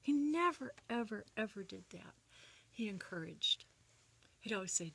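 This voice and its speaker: A woman gently telling a personal family story, reminiscing in a soft, often breathy voice. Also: medium pitch, animated, moderate pace.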